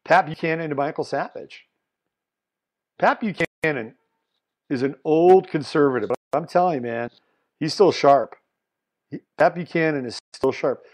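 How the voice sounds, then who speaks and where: Blunt, animated man talking politics. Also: fairly high pitch, moderate pace, pauses often. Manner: animated, blunt, swings between loud emphasis and muttered asides. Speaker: podcast host. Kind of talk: solo political commentary.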